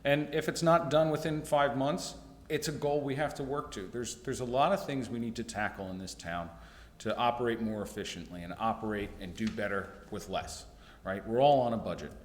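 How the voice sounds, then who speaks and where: A man explaining utility plans at a town meeting in an earnest, halting way. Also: on the low side. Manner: earnest, halting with fillers and restarts. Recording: echoey hall with long reverb.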